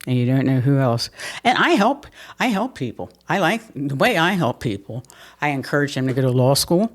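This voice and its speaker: An older woman, telling stories from her life as a mayor in a lively, laughing way, often repeating words as she restarts. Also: a bass voice, moderate pace. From Pennsylvania. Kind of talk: conversational storytelling interview.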